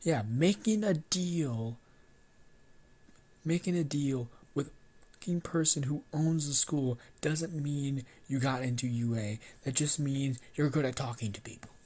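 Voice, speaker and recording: A man voicing a hot-tempered, foul-mouthed teenage boy, pitched up and loud. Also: measured pace, husky. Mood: angry. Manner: raised pitch, louder, swearing.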